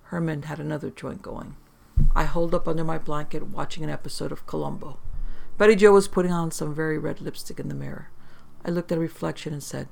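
A storyteller reading a dark comic tale in a deadpan, profane way. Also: mid-range voice, fairly quick, creaky.

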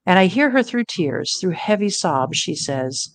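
A woman's voice: on the low side, sing-song, measured pace, hardly any pauses. A middle-aged woman telling a personal story as an interview guest, earnest and reflective. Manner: earnest, reflective, quotes her own thoughts.

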